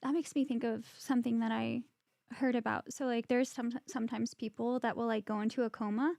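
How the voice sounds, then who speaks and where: Woman cohost chatting away, gravelly fry in her voice, dry close sound. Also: on the high side, fairly even intonation, fairly quick, darkish tone, no echo. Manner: chatty, laughs often, reads chat comments aloud. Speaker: podcast co-host. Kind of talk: casual chat.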